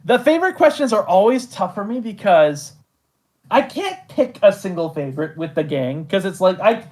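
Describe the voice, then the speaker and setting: A man who creates and voices an animated show, chatting casually in an interview, rambling, laughing often and poking fun at himself. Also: sits high, normal speed.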